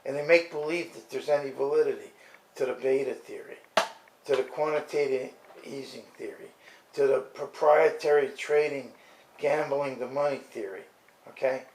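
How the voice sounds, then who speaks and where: A man rants with indignant disbelief, his voice at an ordinary middle pitch. He stumbles through restarts and keeps tossing out "okay?" to check that the listener is with him. The sound bounces around an echoey room. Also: steady tone, moderate pace, a little mellow, slight background noise. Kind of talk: ranting monologue.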